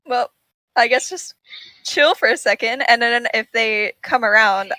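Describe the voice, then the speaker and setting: A woman's voice: on the high side, unhurried, bright, forceful tone, no room sound, low-quality recording. A woman playing a tabletop game, talking in a laid-back, hesitant way. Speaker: player. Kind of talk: casual chat in a tabletop game.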